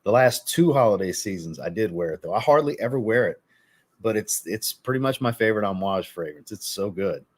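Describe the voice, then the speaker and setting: Low-voiced man ranting on a livestream. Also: lively intonation, brisk. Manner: ranting, blunt and profane, then apologetic. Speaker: fragrance reviewer hosting a livestream. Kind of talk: casual livestream chat reading viewer comments.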